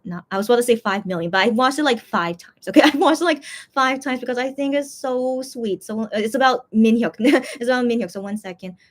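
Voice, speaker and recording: Woman, slightly high voice, casual solo fan chat with lots of "um" and restarts. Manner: rambling, many fillers and restarts. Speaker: fan vlogger, channel host.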